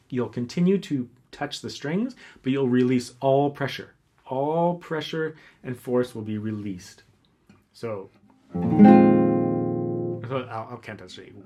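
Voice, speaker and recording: A man teaching a guitar lesson, explaining calmly and counting beats aloud as he demonstrates. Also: medium pitch. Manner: relaxed, counts beats aloud while playing. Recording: faint guitar playing behind.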